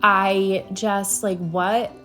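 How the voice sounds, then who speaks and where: A woman's voice: medium pitch, level tone, very slow, fairly bright tone, soft background music. A woman recording a casual voiceover at home, talking earnestly and rambling with frequent restarts. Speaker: vlogger.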